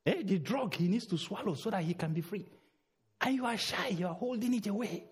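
Middle-aged male preacher, fairly high husky voice, loud then hushed, church sermon. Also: expressive, brisk. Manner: emphatic, swings between loud urging and low murmurs.

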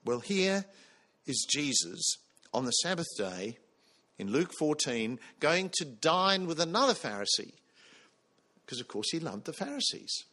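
A man's voice: fairly high pitch, very animated, unhurried, bright, forceful tone. A man preaching a sermon, earnest, putting questions to the congregation.

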